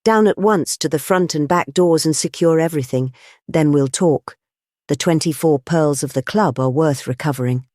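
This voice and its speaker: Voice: medium pitch, normal speed, darkish tone, no echo, clean studio sound, natural voice. A narrator voicing a stiff, wooden military colonel who speaks raucously and harshly. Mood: commanding.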